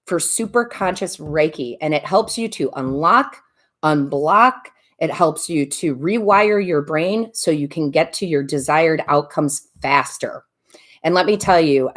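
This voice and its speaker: Bubbly woman hosting a live stream. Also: deep voice. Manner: warm, bubbly greetings of viewers by name, frequent laughs. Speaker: tarot reader and medium hosting a live stream. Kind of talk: casual live-stream chat.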